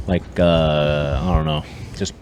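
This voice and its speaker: A man's voice: a bass voice, steady tone, takes it slowly, a little mellow, a little hiss or hum. A man co-hosting a podcast, asking rambling questions full of fillers in a casual way. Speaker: podcast co-host. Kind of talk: casual chat.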